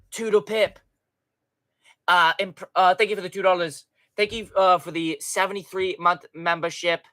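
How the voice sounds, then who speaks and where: Man, live stream host, bright voice, rambling, profane, casual. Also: sits high. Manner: rambling, profane, chatty with frequent restarts.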